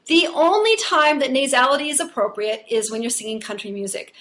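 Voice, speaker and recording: High-voiced woman voice teacher. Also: a little fast, fairly bright tone. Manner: explanatory, conversational teaching. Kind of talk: vocal technique lesson.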